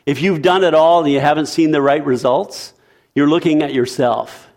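A man preaching a sermon, animated, emphatic and conversational. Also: a little high, normal speed. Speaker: pastor.

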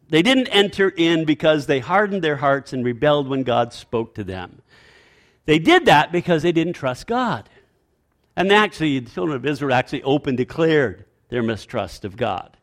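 Emphatic preacher man with lively pitch. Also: moderate pace. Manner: emphatic, repeats key phrases, leads the congregation in call-and-response. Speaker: pastor. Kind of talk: sermon.

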